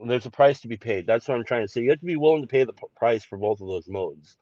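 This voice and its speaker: A man's voice: mid-range voice, expressive, fast talker, dark tone, no room sound. Male, casual confessional storyteller, salty and frank, muffled dry call audio. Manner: blunt, profane, self-deprecating. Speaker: group call participant.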